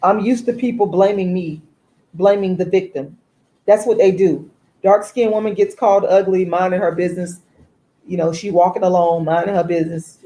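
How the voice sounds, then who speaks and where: A woman, hosting a live stream and venting in a deliberate, emphatic way, repeating herself. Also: lowish voice, mellow, rough recording. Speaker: livestream host.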